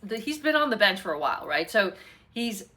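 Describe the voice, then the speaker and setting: A woman's voice: medium pitch, sing-song, brisk, pushed and bright. A woman hosting a casual chat at home, talking in a rambling, chatty way with many fillers. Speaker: host.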